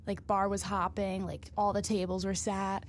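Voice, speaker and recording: A woman's voice: mid-range voice, moderate pace, slight background noise. A young woman in her twenties chatting casually and animatedly telling work stories. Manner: animated storytelling, acts out angry customers. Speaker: podcast host. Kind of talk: casual chat.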